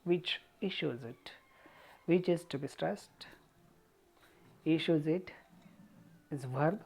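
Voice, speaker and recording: A woman's voice: deep voice, slow, vocal fry, long pauses, darkish tone, breathy edge. A woman explaining an English textbook exercise step by step, with frequent "see" and "so". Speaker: college English teacher.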